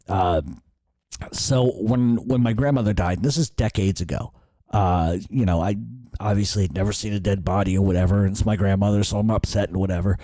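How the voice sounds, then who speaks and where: A man's voice: lowish voice, dark tone, dry recording. A middle-aged man hosts a radio Q&A. He reads listener questions aloud and answers them bluntly, swearing in casual storytelling. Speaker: radio show host.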